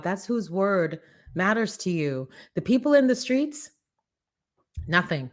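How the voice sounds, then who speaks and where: A woman hosting a live morning show, giving a preachy, animated motivational talk full of acted-out quotes. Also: mid-range voice.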